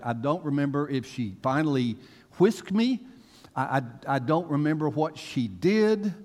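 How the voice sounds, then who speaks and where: Male pastor, animated storyteller, expressive pitch, recorded in a long-reverb sanctuary. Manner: animated storytelling, swinging from hushed to loud. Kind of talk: sermon. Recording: long reverb of a large hall.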